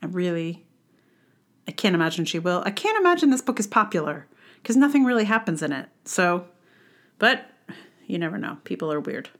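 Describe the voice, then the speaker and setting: A woman's voice: fairly low pitch, sing-song, fairly quick, long pauses. A woman hosting a casual book review monologue, ranting with sarcastic passion and wry asides. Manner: wry, conversational with fillers. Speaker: podcast host reviewing a book.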